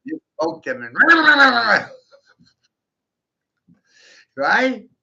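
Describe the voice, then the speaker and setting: Brief: male vlogger, piercing tense tone with some gravel, giggly profane rant, dull lo-fi audio. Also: extremely high pitch, huge pitch swings, drawn-out words, sharp tone. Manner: profane, giggly, keeps breaking into laughter; rhetorical, addresses the listener directly. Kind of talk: rambling stream-of-consciousness monologue. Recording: dull lo-fi recording.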